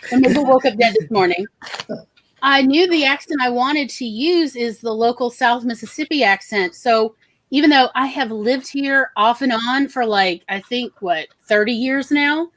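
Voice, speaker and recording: A woman co-hosting a casual group chat, talking with chatty emphasis. Her voice sits high for a woman. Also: normal speed, fairly bright tone, slight background noise. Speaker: co-host.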